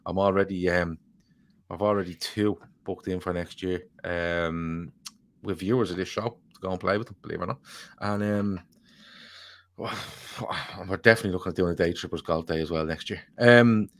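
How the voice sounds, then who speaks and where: A man's voice: sits low, steady tone, normal speed. A man co-hosting a casual football podcast, rambling, swearing freely and joking as he reads viewer comments. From Ireland. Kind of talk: casual chat.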